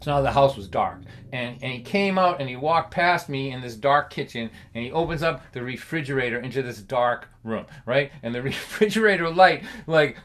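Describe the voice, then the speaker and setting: A man's voice: fairly high pitch, moderate pace. Guy telling a funny story on a livestream, laughs a lot, keeps asking "right?". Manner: animated and chatty, laughing often, tagging lines with "right?".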